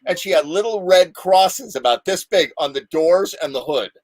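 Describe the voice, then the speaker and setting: A man's voice: sits high, expressive, normal speed, no echo. A man telling a long, rambling story in casual chat on a live show, full of restarts.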